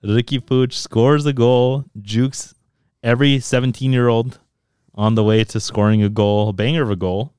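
A man co-hosting a soccer podcast in casual, animated chat, swearing freely and switching into Spanish. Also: medium pitch, normal speed, smooth, no echo, studio quality.

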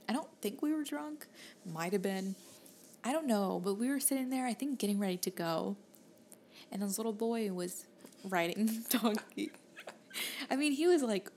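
A woman's voice: mid-range voice, a little mellow, a little hiss or hum. A young woman with a Southern US accent, co-hosting a podcast and telling stories in casual, rambling chat. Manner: rambling storyteller, laughs easily. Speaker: podcast co-host.

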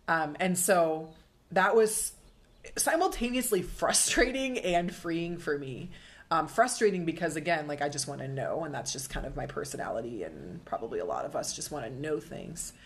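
A young woman co-hosting a casual faith podcast, earnest and upbeat as she shares her story. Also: low voice. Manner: earnest and upbeat, quotes herself in playful asides. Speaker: podcast co-host.

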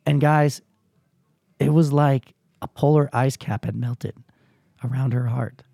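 A man's voice: mid-range voice, fairly even intonation, slow pace, creaky, mellow, no echo, clean studio sound. A man hosting a podcast, telling a personal story in an earnest, emphatic way, swearing freely, then pushing his listeners with motivational questions. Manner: rallying, motivational push to listeners. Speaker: podcast host.

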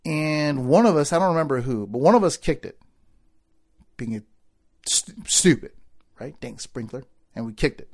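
A man slowly recounts a story from his boyhood in a loose, casual way. He slips into low, quiet asides, then rises into loud, excited bursts as he acts out the people involved.

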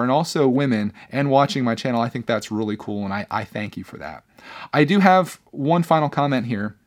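A young man hosting his own podcast, talking casually and earnestly, with many fillers and restarts, reading out viewer comments. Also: medium pitch. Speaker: podcast host. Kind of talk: casual solo podcast talk.

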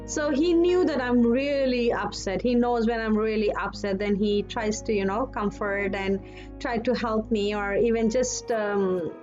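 Earnest higher-voiced woman, music behind. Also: steady tone, a little mellow, highs cut off. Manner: earnest, emotional, fast bursts when quoting. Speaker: podcast guest. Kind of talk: personal storytelling.

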